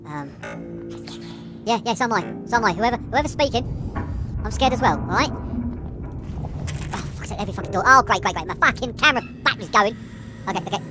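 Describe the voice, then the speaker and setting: A woman commenting on a horror game as she plays, jumpy and foul-mouthed, breaking into nervous laughter. Her voice sits high and swings widely between shrieks and mutters. Game music plays clearly underneath. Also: expressive, fairly quick, pauses often. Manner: panicky, swearing, nervous laughter. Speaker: gamer playing a horror game. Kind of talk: let's play commentary.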